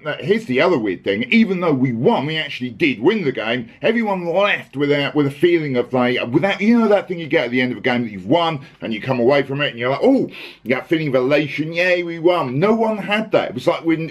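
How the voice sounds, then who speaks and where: Man, slightly high voice, sarcastic, exasperated football rant. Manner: sarcastic, exasperated, rambling with many restarts. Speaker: podcast host.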